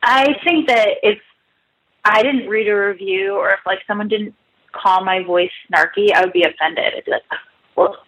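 A woman's voice: medium pitch, moderate pace, fairly bright tone, poor audio. A woman guest writer in her thirties, chatting casually and self-mockingly, full of "like" and asides. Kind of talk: casual podcast interview.

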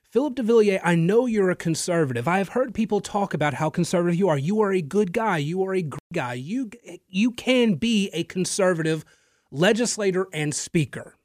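A man whose voice sits high and animated speaks fairly quickly in a political monologue, emphatic and opinionated, addressed directly to his radio listeners. He's a talk show host who occasionally uses fillers and repeated words, recorded on a studio microphone without echo.

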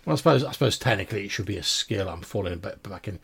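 Husky-voiced man running a tabletop game. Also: fairly low pitch, animated, racing, fairly bright tone. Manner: rambling, filler-heavy narration. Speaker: game master. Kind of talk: narrating a tabletop role-playing game.

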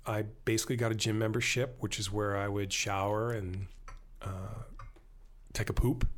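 A man talking in a casual podcast conversation, animated and rambling, joking as he tells stories. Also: lowish voice, moderate pace. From born in Germany to American parents. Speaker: podcast guest.

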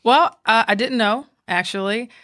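A young adult woman with a Southern accent, a police officer telling her story in a casual interview, animated and quick to laugh. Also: a little high. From Georgia, US. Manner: animated, talks with her hands, laughs often.

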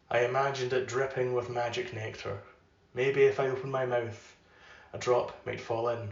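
A man hosting a podcast, giving a measured literary reading and chatting loosely between readings. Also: medium pitch. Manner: measured, unhurried reading; loose and filler-heavy when chatting. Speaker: podcast host reading aloud. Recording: roomy, slightly dull recording.

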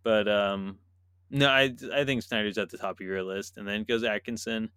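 A man's voice: fairly low pitch, moderate pace, clear, resonant tone, no room sound, clean studio sound. Man chatting animatedly on a podcast. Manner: animated, laughs often, acts out imagined quotes. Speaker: podcast co-host. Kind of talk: casual sports chat.

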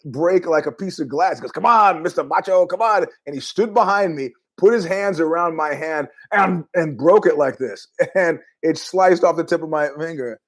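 A man's voice: fairly high pitch, normal speed. A middle-aged man hosting a podcast, telling rambling, jokey stories in a casual monologue with asides. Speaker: podcast host.

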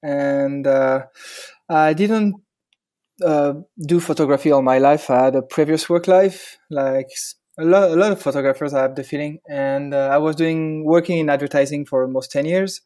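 A man's voice: on the high side, moderate pace, mellow. A man in his thirties with a French accent and French as his first language, talking casually as a podcast guest, hesitant and searching for words. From France. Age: 30s. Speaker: guest photographer.

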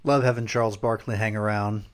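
A man's voice: fairly low pitch, flat delivery, fairly quick. A man co-hosting a casual sports podcast, making wry, dry remarks. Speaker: podcast co-host.

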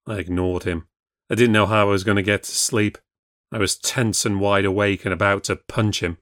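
A man giving scripted narration of a ghost story, reading in a measured, steady way. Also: fairly low pitch, no echo, studio quality.

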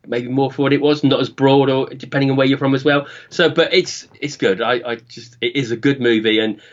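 A man from the UK joins a casual film chat. His voice is a little muffled and lo-fi, and he often pauses, restarts and hunts for the right phrase. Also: mid-range voice, fairly even intonation. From United Kingdom. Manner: hesitant, restarts and searches for words. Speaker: podcast guest. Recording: slightly dull lo-fi sound.

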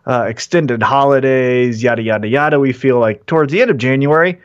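A man's voice: mid-range voice, fairly quick, dull audio. A man co-hosting a podcast in easygoing casual chat, mostly giving short replies. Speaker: podcast co-host.

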